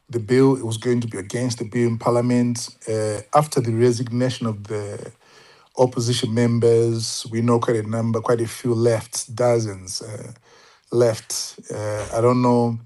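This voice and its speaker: A man's voice: mid-range voice, a little mellow. A man speaking on a casual online panel, thoughtful and hesitant, with many fillers and restarts. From Zimbabwe. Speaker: panel guest.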